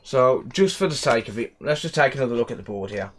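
Brief: young West Midlands man, repair tech vlogger, irritated rant, mid-pitched voice. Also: expressive, fast, a little hiss or hum. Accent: West Midlands English. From England. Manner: annoyed, ranting, repeats himself. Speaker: electronics repair technician. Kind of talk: casual vlog commentary.

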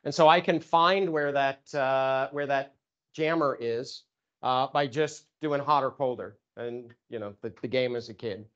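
Heard through a muffled recording, a man with a medium-pitched, slightly slow, somewhat bright voice talks about electronic warfare. It's an informal lecture in a lecture room, loose and casual, with plenty of fillers and self-correcting restarts.

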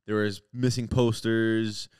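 Lower-voiced young man, chatty. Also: flat delivery, slow pace, a little mellow, clear, resonant tone, no room sound, studio quality. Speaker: podcast co-host. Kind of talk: casual chat.

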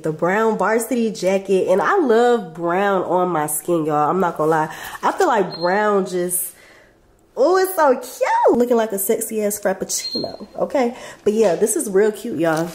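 Speaking at a slightly slow pace in a mid-range voice, this young woman, a mother and lifestyle vlogger, talks casually to viewers from her bedroom. She's feeling sick and achy and addresses them as "y'all" constantly.

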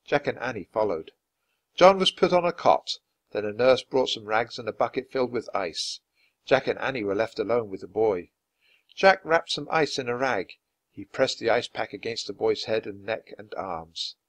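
Brief: man narrating a children's book, clear and steady, dry close recording. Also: fairly low pitch, normal speed, no room sound. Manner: clear and steady, acting out dialogue. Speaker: storybook reader. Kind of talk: scripted narration for language learners.

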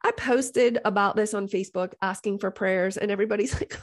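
A middle-aged woman hosting a podcast, telling a story in a casual, animated way, exasperated and joking, often slipping into the voices of others. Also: mid-range voice, moderate pace, few pauses. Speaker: podcast host.

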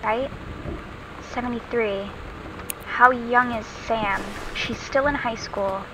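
A woman's voice: a little high, slow pace, noisy background. A young adult woman casually commenting as she plays a game, chatty and giggly, reading notes aloud as she finds them. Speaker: let's play host.

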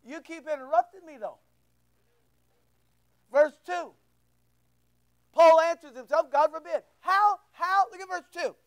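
A man's voice: very high-pitched, unhurried, long pauses, poor audio. A middle-aged man preaching a sermon in a church, talking conversationally, repeating words and putting questions to the room. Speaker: pastor.

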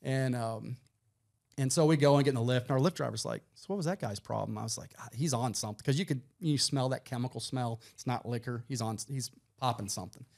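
A middle-aged man from Texas, a podcast guest, telling a profane, animated anecdote full of quoted voices. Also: mid-range voice, quick pace, gravelly. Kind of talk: casual storytelling.

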